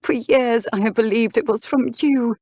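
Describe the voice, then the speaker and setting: A woman narrator voicing a young female stage actress, tearful and breaking into sharp outbursts. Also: fairly high pitch, normal speed, dry recording, voice pushed up. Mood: hushed. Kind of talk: audiobook dialogue reading.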